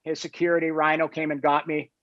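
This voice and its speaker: High-voiced man rambling through a story. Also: little pitch movement, fast, no echo. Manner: rambling, with many "like" and "you know" fillers. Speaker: guest telling a story. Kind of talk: casual anecdote storytelling. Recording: dull, lo-fi, dry sound.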